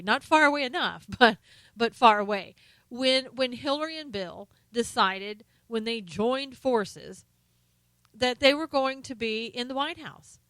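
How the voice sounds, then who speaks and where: A woman's voice: fairly high pitch, normal speed, bright, forceful tone, clean tone, dry recording. Indignant woman host, dry sound. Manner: indignant, sarcastic; exclamatory asides. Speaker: talk show host. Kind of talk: political opinion commentary.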